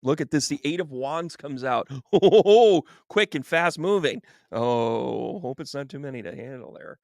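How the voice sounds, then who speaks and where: A man working as a psychic medium, reading tarot cards on a live stream and chatting with viewers. He is animated and chummy, often laughing and calling people by name. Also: medium pitch, a little slow, vocal fry, hardly any pauses, dry recording, studio quality.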